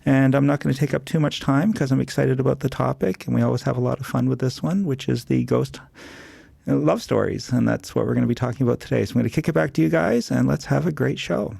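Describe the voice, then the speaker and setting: A man's voice: mid-range voice, fast talker, vocal fry, dark tone, slightly rough, no room sound. A man, the show's producer, giving casual announcements while losing his voice, chatty with many fillers. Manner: chatty, loose, lots of fillers.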